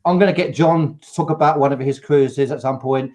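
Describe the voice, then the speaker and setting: An English man hosting a live chat show, telling an animated story and acting out the people in it. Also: mid-range voice, brisk. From England. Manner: animated, acts out quotes. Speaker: host.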